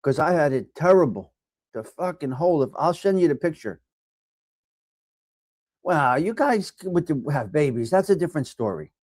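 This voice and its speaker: A man's voice: normal speed, long pauses, no echo, studio quality. Blunt, profane middle-aged New York man. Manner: blunt, profane tough-love talk to viewers; swings from low mutters to loud lively outbursts. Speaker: livestream host reading chat. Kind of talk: casual live chat.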